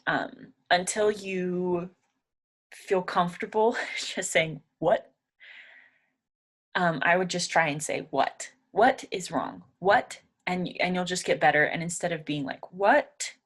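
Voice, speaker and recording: A woman's voice: lowish voice, takes it slowly, a bit bright. A young woman teaching English pronunciation, patiently repeating each word aloud several times. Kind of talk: pronunciation lesson.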